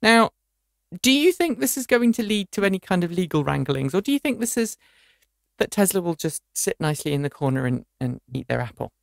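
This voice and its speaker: A woman hosting a car news podcast panel, talking in a playful, animated way. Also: on the low side, brisk, gravelly, no room sound, clean studio sound. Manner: animated, playful, lots of restarts and laughs. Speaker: podcast host.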